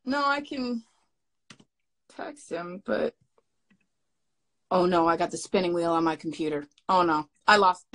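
A young woman hosting a casual live stream, flustered and excitable as she talks to her viewers. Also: fairly low pitch, a little slow, long pauses.

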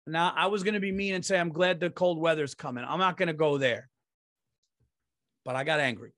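A man's voice: a little high, a little fast, a bit bright. A man, a comedian hosting his podcast, telling a story in a heated, profane ranting monologue.

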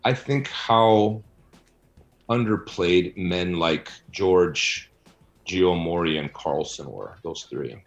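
A middle-aged man answering interview questions about his research, blunt and animated as he argues his points. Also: low-pitched, slow, muffled recording. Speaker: guest, researcher and author.

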